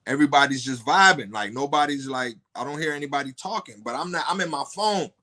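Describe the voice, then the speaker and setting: A man, a podcast guest telling a story bluntly and profanely, his voice jumping high in outbursts. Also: quick pace, bright, forceful tone.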